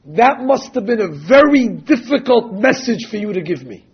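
Casting: a man quoting a calm, gracious widow, husky, on a dull recording. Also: very high-pitched, normal speed, exaggerated voice. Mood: composed. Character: composed, gracious grieving older woman.

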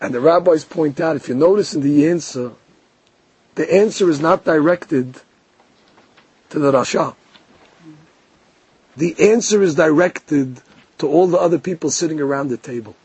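A man giving a lively Torah lesson, explaining verses, quoting Hebrew phrases and often repeating words. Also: a little high, moderate pace, long pauses, slightly rough, no room sound.

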